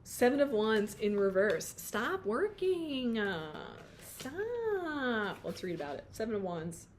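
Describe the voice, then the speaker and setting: A woman with a darkish, mid-range voice and lively intonation walks through a tarot reading, chatting loosely as she reads out meanings and riffs on them. She interrupts herself, laughs at her own jokes, and slips into bits of song, over a faint hiss.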